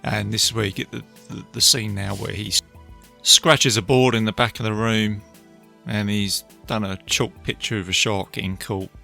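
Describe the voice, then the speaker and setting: A man hosting a podcast, casually retelling a film with animated asides to his listeners. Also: on the low side, moderate pace, vocal fry, faint music behind. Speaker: podcast host reviewing a film. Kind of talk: casual film review talk.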